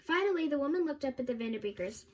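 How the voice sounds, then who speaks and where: High-voiced woman reading a children's novel. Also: very fast, slight background noise. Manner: steady storytelling with small slips and restarts. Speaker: audiobook reader.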